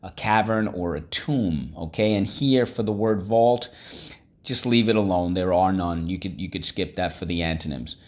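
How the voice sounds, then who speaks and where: A man's voice: low voice, moderate pace, darkish tone. A man teaching a vocabulary lesson, upbeat and coaxing, repeating each word for students to echo.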